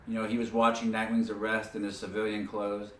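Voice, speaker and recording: A man's voice: on the low side, a little fast, a little hiss or hum. Man recapping a cartoon, echoey room. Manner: animated storyteller with frequent fillers. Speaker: cartoon episode reviewer. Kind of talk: casual spoken episode recap. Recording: roomy echo, distant from mic.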